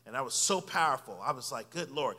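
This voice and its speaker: A man preaching a sermon and telling a personal story. He swings from hushed, quiet lines to loud, excited ones. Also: medium pitch, quick pace. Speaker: pastor. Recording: long hall reverb under loud guitar music. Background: loud guitar playing.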